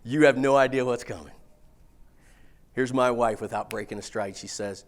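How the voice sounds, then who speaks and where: A man's voice: mid-range voice, normal speed, long pauses. Folksy man telling stories. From Missouri. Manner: folksy, animated, casual swearing. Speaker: speaker. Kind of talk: storytelling keynote talk.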